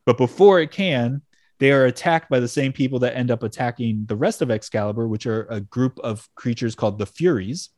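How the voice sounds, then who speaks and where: A man's voice: mid-range voice, brisk, a little mellow, dry recording. Man recapping casually, dry close sound. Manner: loose, profane retelling with frequent laughs and fillers. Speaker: podcast host recapping a comic issue. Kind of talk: casual chat.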